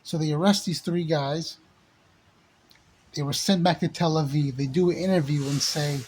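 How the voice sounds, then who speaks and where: A man's voice: a little high, steady tone, normal speed, darkish tone, slight background noise. A man delivering an angry, profane ranting monologue to the camera, repeating himself and hurling insults. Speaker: channel host.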